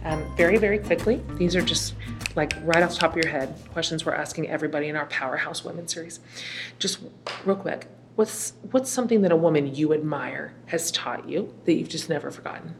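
A woman hosting a podcast, interviewing a guest with effusive, quick asides. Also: deep voice, over music. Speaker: podcast host. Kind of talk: podcast interview and host-read ad.

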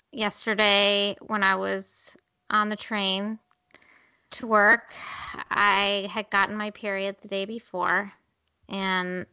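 A woman with a smooth, resonant, bright voice speaks slowly and deliberately as she opens her story on a casual podcast. Her delivery is unhurried and relaxed. The recording is close and dry. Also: mid-range voice, no echo. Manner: slow, drawn-out delivery, laughs often, swears. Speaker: podcast co-host. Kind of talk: casual chat.

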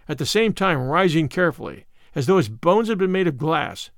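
A man reads an old storybook aloud with an expressive, lilting delivery. His voice sits a little high and moves up and down a lot. The sound is close and dry. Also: moderate pace, no echo.

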